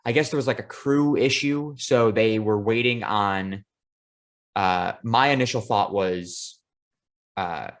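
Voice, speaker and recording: A man co-hosting a podcast, telling a travel story in casual, profane chat with animated asides. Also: lowish voice, takes it slowly. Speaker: podcast co-host.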